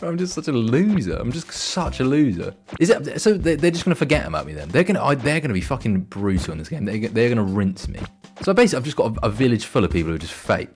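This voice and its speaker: Man, young adult, casual gaming stream, crude joking banter, lively swinging pitch, faint background music. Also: rapid-fire.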